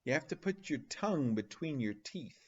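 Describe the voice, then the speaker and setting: A man teaching a phonics lesson to young children, slowly drawing out each sound and asking questions in an animated, exaggerated way. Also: a little high, slightly rough, dull audio.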